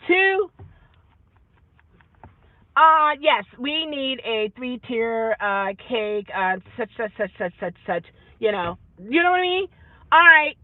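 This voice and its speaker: A woman rideshare driver vlogging in a casual, rambling monologue, animated and full of repeats. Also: high voice, slow pace, pauses often, no echo. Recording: tinny phone-like dry sound.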